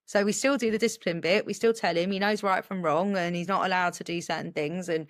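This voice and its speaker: A young woman, co-hosting a casual podcast chat and telling stories with lively acted-out dialogue. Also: lowish voice, fast talker, hardly any pauses. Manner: animated storytelling, acts out dialogue. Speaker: podcast co-host, parent.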